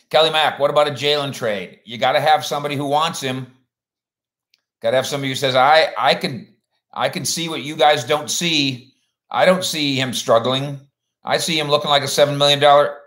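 A man's voice: medium pitch, fairly bright tone. A man hosting a sports livestream in a rambling, folksy way, chatting casually and reading out viewer comments.

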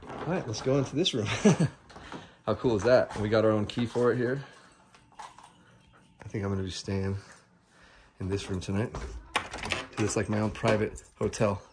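A man with a somewhat low voice leads viewers through a large rental house, chatty, excitable and a little out of breath. The recording carries a faint hiss of background noise. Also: normal speed, pauses often. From United States. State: breathing heavily. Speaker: vlogger giving a house tour. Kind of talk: casual walk-through vlog.

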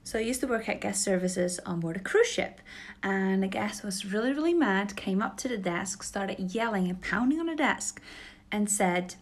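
A woman calmly retelling a story from her guest services job, quoting an angry guest. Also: mid-range voice, moderate pace. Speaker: former cruise ship guest services worker.

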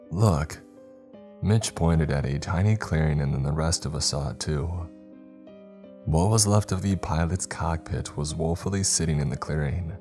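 A man narrating a horror story in a steady, measured way. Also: a bass voice. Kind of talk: scripted narration.

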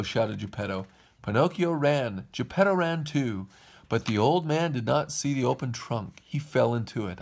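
A man reading a children's storybook aloud to his kids in an expressive, lively way. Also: mid-range voice, normal speed, vocal fry.

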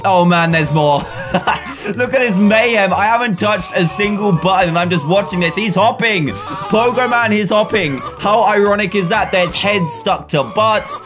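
A man commentates on gameplay in a high voice, talking excitably, laughing often and bursting into sudden shouts. Faint game music plays behind him. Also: normal speed. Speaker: gaming commentator.

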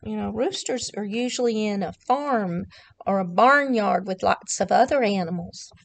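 A woman's voice: mid-range voice, moderate pace, vocal fry. A woman leading a children's story time, reading a picture book aloud, counting along and talking directly to the children. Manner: warm, sing-song, addresses children directly, counts along.

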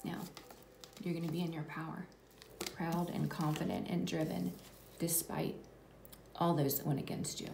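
Soft-spoken low-voiced woman giving a tarot reading. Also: fairly even intonation, moderate pace, vocal fry, pauses often. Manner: soft, reassuring, often drops to a whisper. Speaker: tarot reader. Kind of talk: spiritual tarot reading to viewers. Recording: echoey room, distant mic, background noise.

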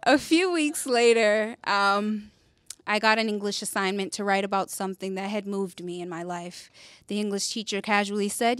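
A young woman shares a personal story on stage in a plain, conversational voice of middle pitch. She sinks soft and low on the hardest memories and brightens when she acts out scenes. The sound is dry and close. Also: normal speed, dry recording. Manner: earnest, conversational, with fillers and rhetorical "right?"; drops quiet and low on painful memories, lifts for animated retelling. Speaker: speaker sharing her story.

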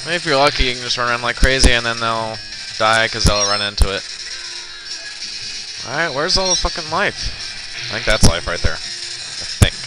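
A young let's player rambles through casual commentary on a video game, swearing often whenever he loses. His medium-pitched voice is animated and brisk with long pauses, coming through a boosted computer mic that crackles over loud game music.

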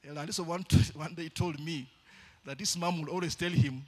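Man, church sermon, high-pitched, husky, lively preaching. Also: a little fast. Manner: animated preaching with sudden loud calls to the congregation.

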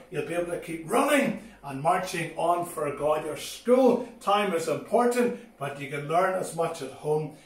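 A high-voiced man preaches to children in an animated way. He swings between loud, bright exclamations and soft, low asides. The voice sounds echoey and a little distant, as if the mic is across the room. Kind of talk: children's sermon.

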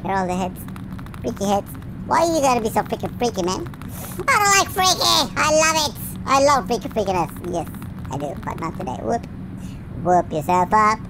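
A cheeky baby hedgehog, high-pitched and bouncing wildly up and down as he plays through a game, voiced by a man. His voice is gravelly at the edges and comes through a noisy recording. He teases, boasts and chants goofy nonsense rhymes. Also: sing-song, normal speed. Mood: playful. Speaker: game player. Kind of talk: playful gameplay commentary in character.

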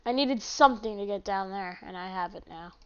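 A woman's voice: mid-range voice, brisk, smooth. A woman giving rambling, chatty let's play commentary as a gaming host, often apologizing. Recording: dull lo-fi mic.

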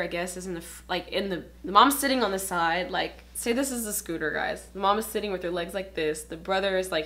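A woman's voice: mid-range voice, fairly bright tone. A woman chatting casually while doing her makeup, rambling with lots of fillers and openly emotional. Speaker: beauty vlogger. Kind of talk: casual get-ready-with-me chat.

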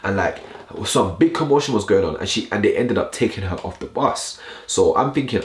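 Fast-talking deep-voiced man. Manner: slang-heavy, animated storytelling to viewers. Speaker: vlogger. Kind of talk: storytime vlog. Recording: roomy echo.

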